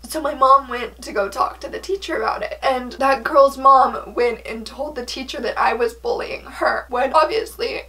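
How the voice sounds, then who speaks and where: A woman's voice: sits high, moderate pace, few pauses, bright, forceful tone, rough recording. A young woman telling a personal story vlog, chatty and emotional, full of "like" fillers. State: tearful. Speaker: vlogger.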